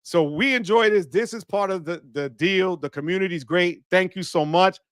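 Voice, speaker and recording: A man hosts a live stream and thanks viewers with loud bursts of excitement. His voice sits high and sounds bright. The recording is dry and close, with no room sound. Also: normal speed, dry recording. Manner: enthusiastic, shouts "wepa" often. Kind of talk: live stream super chat shout-outs.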